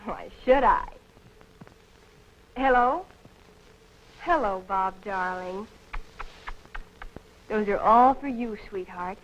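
An actress playing a sweet, eager young newlywed wife in a 1940s film, talking in a gushing, affectionate way. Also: female voice, mid-range voice, animated, slow pace, pauses often. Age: young adult. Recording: dull old film soundtrack, faint hiss.

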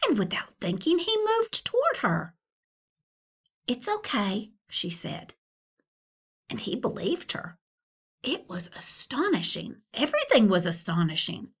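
A woman librarian reading a children's book aloud with expressive, unhurried storytelling. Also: fairly high pitch, slightly rough. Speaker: school librarian.

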